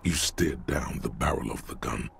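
A man voicing the grim male narrator of a detective game, slow, ominous and vivid. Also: a bit bright, a little hiss or hum, exaggerated voice. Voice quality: deep and gravelly. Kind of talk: dramatic scripted narration.

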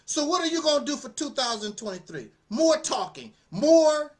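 A man giving casual spoken commentary as a channel host, animated and preachy, often laughing and repeating phrases. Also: very high-pitched, brisk.

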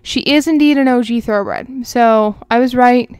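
A woman's voice: on the high side, moderate pace, darkish tone, smooth, no room sound. A woman, chatting casually to viewers as she plays a horse game, rambling and talking to herself along the way. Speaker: gaming channel host. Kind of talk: casual gameplay commentary.

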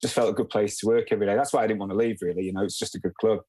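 A man's voice: fairly low pitch, steady tone, rapid-fire, warm tone, husky, no echo, low-quality recording. A man, a podcast guest talking easily and reflectively in short plain sentences. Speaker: guest, former footballer. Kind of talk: casual podcast chat.

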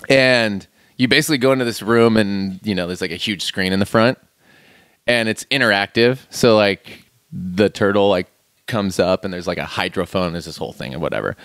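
A man's voice: on the low side, brisk, no echo. Laid-back man in casual podcast chat. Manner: laid-back, quotes friends in animated voices. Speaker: podcast co-host. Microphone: studio mic with headphones.

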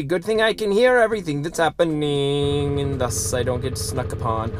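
Goofy gamer with a bouncy, lively voice. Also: mid-range voice, a little slow. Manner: goofy, chatters to enemies, makes silly sound effects; sudden excited exclamations. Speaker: let's play host. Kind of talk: casual gameplay commentary.

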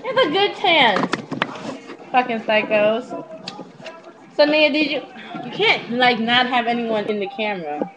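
A woman's voice: on the high side, animated, measured pace, pauses often, noisy background. Brash, profane young woman gossiping to camera. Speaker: vlogger. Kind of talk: casual storytelling to camera. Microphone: webcam.

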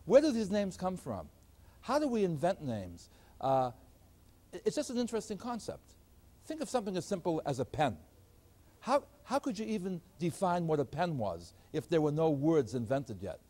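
A man's voice: on the high side, moderate pace. Older man giving a math lecture. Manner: animated, storytelling teacher. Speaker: math professor. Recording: older recording.

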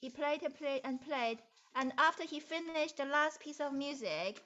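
A woman teacher narrating a puppet story for children over a video call, in an animated, playful way. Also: sits high, normal speed, highs cut off. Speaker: music teacher.

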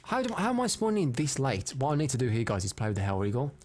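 Man, live game streamer, mid-pitched voice, excitable, quick to blow up, faint music behind. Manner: excitable, swings into loud frustrated outbursts; chats to viewers and reads out their comments. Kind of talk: live gameplay commentary.

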